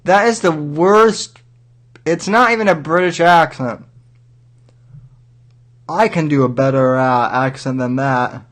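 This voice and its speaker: A male livestream host who talks slowly and a little high, in casual commentary. He rambles wryly and often stops to restart his sentences. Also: a bit bright. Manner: rambling, wry, halting with many restarts.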